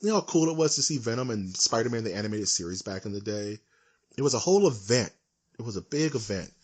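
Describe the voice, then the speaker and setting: A man's voice: fairly low pitch, lively intonation, fast talker, a little mellow, husky. A young man co-hosting a podcast, chatting casually, ranting with animation and laughing often. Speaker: podcast co-host. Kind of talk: casual chat.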